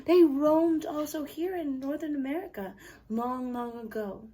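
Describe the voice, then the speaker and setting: A woman teaching young children in a playful, animated way, with many excited exclamations. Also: sits high, a little slow, recorded from a distance. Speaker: arts camp teacher. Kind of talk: children's lesson with pretend play.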